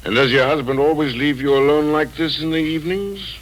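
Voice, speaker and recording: An actor playing a shrewd, wry police detective who questions people in a probing, dry and quietly reassuring way, in 1940s radio acting style. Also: male voice, on the high side, fairly even intonation, a little fast, natural voice, poor audio.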